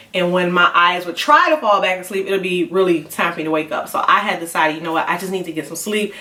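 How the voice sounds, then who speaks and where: A woman's voice: fairly low pitch, bright, forceful tone. A young woman, a mother telling a candid personal story on her vlog in a conversational, confessional way. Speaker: mom vlogger. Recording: roomy, a bit far from the mic.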